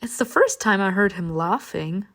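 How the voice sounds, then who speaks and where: A woman's voice: medium pitch, animated, normal speed, a bit bright. A woman reading a romance story game aloud, reacting with laughter and playful swearing between passages. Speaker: game player reading a visual novel aloud.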